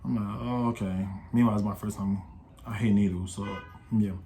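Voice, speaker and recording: A man's voice: fairly low pitch, fairly even intonation, a little fast, warm tone, a little hiss or hum. An eighteen-year-old man telling a casual storytime, rambling and slangy, with many restarts and quoted voices. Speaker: vlogger.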